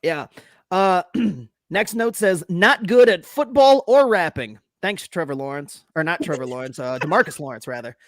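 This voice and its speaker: A man's voice: high-pitched, animated, normal speed, no echo. A man co-hosting a casual sports podcast, sarcastically reading his notes aloud and mocking what he watched. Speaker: podcast co-host.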